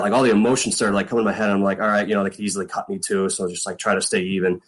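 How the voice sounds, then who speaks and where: A middle-aged man with a very low voice recounts his football days in a relaxed interview. His talk rambles along with plenty of fillers, and he acts out what others said to him. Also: racing, few pauses, husky, poor audio. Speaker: guest, former pro football punter. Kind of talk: casual storytelling interview.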